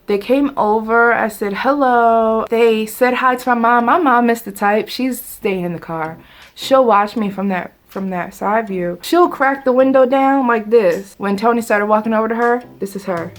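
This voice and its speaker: A woman vlogger telling a dramatic story in a casual, animated, conversational way. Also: on the high side, moderate pace.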